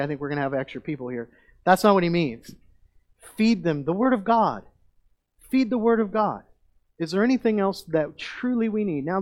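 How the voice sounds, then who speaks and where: A man's voice: a little high, darkish tone. A middle-aged man, a pastor, preaching a sermon in a conversational way that rises to emphatic declarations.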